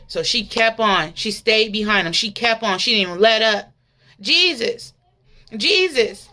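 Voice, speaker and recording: A woman's voice: medium pitch, steady tone, normal speed, pushed and bright. A woman preaching an impassioned, conversational sermon, full of rhetorical questions to the congregation.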